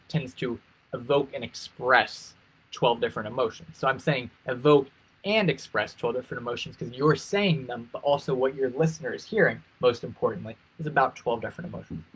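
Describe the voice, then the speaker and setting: Husky, energetic male interview coach. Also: low-quality recording. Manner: energetic, swoops his pitch to demonstrate emotions; repeats key phrases for emphasis. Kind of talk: coaching talk on a live stream. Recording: live stream.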